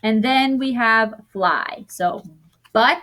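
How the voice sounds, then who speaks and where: Woman teacher, slightly high voice, patient drawn-out syllables, often stops to correct herself. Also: a bit bright. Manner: slow, drawn-out sounding out of word parts. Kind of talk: recorded lesson for young students.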